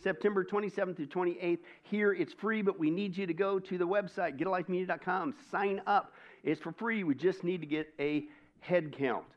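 A man's voice: high-pitched, moderate pace, lo-fi sound. A male pastor giving church announcements in an upbeat, jokey way, asking and answering his own questions.

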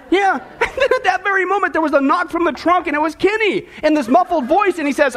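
A man preaching a sermon to his congregation, energetic and folksy, with joking asides and a lot of back-and-forth with the crowd. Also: very high voice, fast talker. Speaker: pastor. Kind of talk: sermon with a joke opener.

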